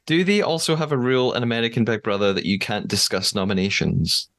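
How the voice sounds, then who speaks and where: A man hosting a chatty podcast with an upbeat delivery. His pitch sits in the middle range, and he moves easily from a read intro to relaxed back-and-forth talk. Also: fast talker. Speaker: podcast host. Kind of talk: casual podcast chat.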